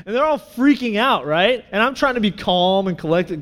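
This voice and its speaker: A man with a notably high voice gives a sermon in a relaxed, chatty way, drifting through asides and "like"s as he tells a story. His voice carries a long reverb from the hall around him. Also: moderate pace. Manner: casual, storytelling, many fillers and asides. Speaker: pastor.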